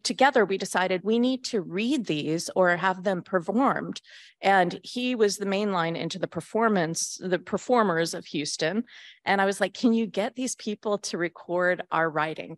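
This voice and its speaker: A woman's voice: mid-range voice, no echo, studio quality. A middle-aged woman giving a candid, reflective personal talk to a community gathering. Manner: candid, reflective storytelling with quoted asides. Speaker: speaker at a secular community gathering.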